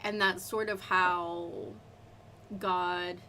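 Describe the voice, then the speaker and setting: A woman's voice: lowish voice, little pitch movement, very slow, pushed and bright, slight background noise. Chatty woman hosting a casual Bible talk. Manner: chatty and rambling, full of "like" asides. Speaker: host of a live Bible study show. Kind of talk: casual devotional live-stream talk.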